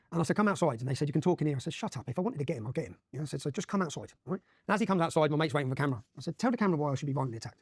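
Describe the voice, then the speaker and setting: Man, very fast talker, emphatic storytelling, voice a touch high, dry close sound. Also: a little mellow, dry recording. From Luton, England. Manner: rapid, emphatic, keeps checking with "yeah?". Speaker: interview guest. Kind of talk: animated personal storytelling.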